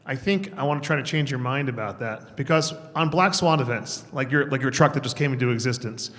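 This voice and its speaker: A man at a middling pitch speaks up from the audience. His tone is courteous but firm, and he corrects himself as he makes his case. The long reverb of a conference hall surrounds his voice. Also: a little fast, a bit bright. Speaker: audience member asking a question. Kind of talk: audience question.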